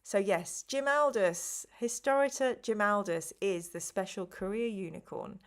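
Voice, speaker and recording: A middle-aged woman hosting a live stream, chatting casually and a little slowly because she is tired, with rambling asides and apologies. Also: mid-range voice. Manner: slow, rambling, chatty with frequent ums and apologies. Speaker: live stream host running a gamebook play.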